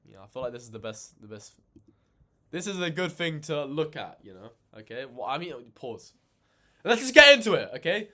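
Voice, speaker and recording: A man ranting in casual reaction commentary, animated and swearing a lot, exasperated. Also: a little high, normal speed. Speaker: reaction channel host.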